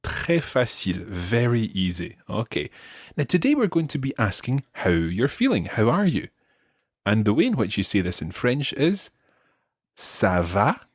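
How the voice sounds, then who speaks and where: A man teaching a beginner language lesson on a podcast, patient and clear as he models words for learners to repeat. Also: mid-range voice, sing-song, moderate pace, no room sound, studio quality.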